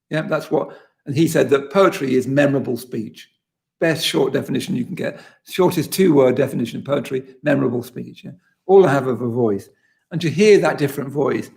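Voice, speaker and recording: A man with a British accent, a poet leading a session, reading a poem slowly and then discussing it in quick, animated bursts. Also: fairly high pitch, gravelly. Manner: reads slowly and deliberately, then talks fast and animated. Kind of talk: poetry reading and talk.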